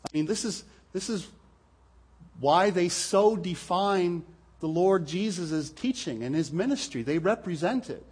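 A man's voice: high-pitched, expressive, unhurried, a little mellow, slightly rough. A man preaching a sermon, earnest and explaining scripture, often repeating words as he stresses a point.

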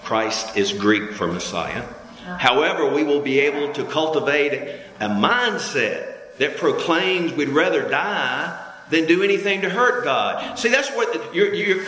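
A man's voice: lively intonation, measured pace, fairly bright tone, slight background noise. A man preaching a sermon in a casual, conversational way, leading the congregation in call-and-response. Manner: conversational preaching with call-and-response, pitch climbing high when fired up. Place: church hall. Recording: echoey hall with long reverb.

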